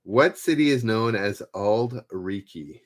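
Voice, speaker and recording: A man hosting a live-stream trivia game, relaxed and self-deprecating, repeating each question as he reads out viewers' guesses. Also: lowish voice, slow pace. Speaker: trivia host.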